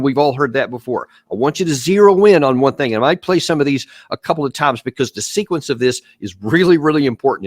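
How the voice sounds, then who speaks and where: A man's voice: mid-range voice, no echo. A man talks viewers through video clips, pressing each point with emphasis and coaching them on what to listen for. His voice sits mid-range and sounds close and dry, with no room around it. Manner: emphatic, walks viewers step by step. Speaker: show host and commentator. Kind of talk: live commentary on video clips.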